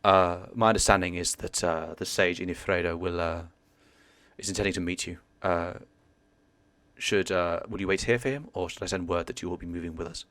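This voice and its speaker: A man's voice: sits low, fairly even intonation, brisk, a bit bright, dry recording. A man narrating as game master, hesitant with many fillers.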